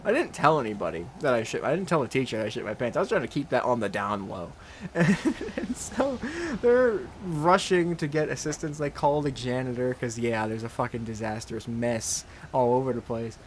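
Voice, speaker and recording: A man's voice: medium pitch, normal speed, a little hiss or hum. Laughing man telling crude stories. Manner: laughs constantly, crude and animated. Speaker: podcast host. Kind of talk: comedic storytelling chat.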